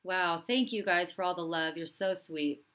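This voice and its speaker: A woman's voice: on the low side, normal speed, fairly bright tone. A woman hosting a live stream, speaking in an impassioned and repetitive way and reading out viewer comments. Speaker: host and relationship coach.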